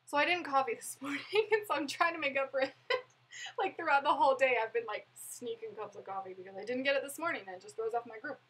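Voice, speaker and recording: A woman's voice: sits high, fast, a bit bright, slightly rough, rough recording. A young woman chatting casually on a live stream, rambling and laughing as she answers viewers' questions. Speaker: vlogger answering live chat.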